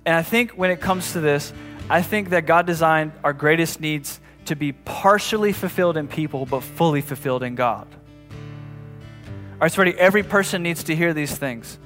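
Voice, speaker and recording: A man's voice: a little high, moderate pace, soft background music. A man preaching a sermon as a pastor in a conversational way, often restarting and repeating phrases, building to emphatic passages. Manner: rises to emphatic, louder passages.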